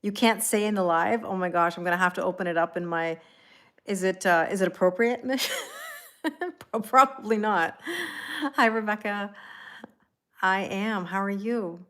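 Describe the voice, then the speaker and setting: A woman's voice: medium pitch, normal speed, pauses often, fairly bright tone. A woman doing a live-stream tarot reading, talking casually and rambling, greeting viewers by name with lots of fillers and self-corrections. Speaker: tarot reader.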